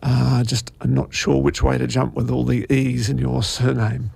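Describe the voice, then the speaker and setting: Gravelly male radio host, dry close sound, easygoing and rambling. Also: mid-range voice, level tone, normal speed, a little mellow, dry recording. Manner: rambling, chatty asides with many fillers. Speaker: community radio presenter. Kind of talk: casual radio presenting.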